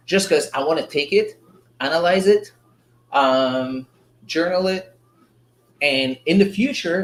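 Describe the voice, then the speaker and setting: A man hosting a live forex trading stream, chatting casually and excitedly to viewers in slangy talk. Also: a little high, slight background noise. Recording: roomy echo.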